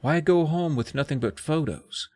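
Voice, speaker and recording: An eager, greedy explorer father who can't stop exclaiming, as a man reads him aloud. The voice is lively and swings in pitch, in a dry, close sound. It's a casual reading of a children's book. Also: normal speed, dry recording, close to an everyday voice. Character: excited, greedy explorer dad.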